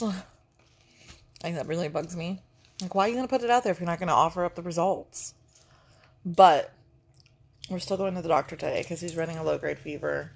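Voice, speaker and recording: Over breakfast, a middle-aged woman who co-hosts a vlog chats casually, gushing about things as a grandmother and filling her speech with fillers. Her voice is low-pitched and gravelly.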